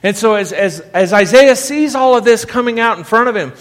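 A man's voice: high-pitched, expressive, brisk, hardly any pauses, fairly bright tone, big-room sound. A man preaching a sermon in a conversational way, often repeating and restarting words and rising in force when he quotes scripture. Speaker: pastor.

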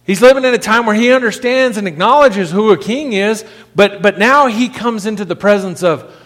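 A male pastor with a high voice delivers a sermon to his congregation. He talks plainly and stumbles over repeated words, then swells when reading scripture aloud. His voice rings with the long reverb of a big hall. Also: normal speed, hardly any pauses, fairly bright tone.

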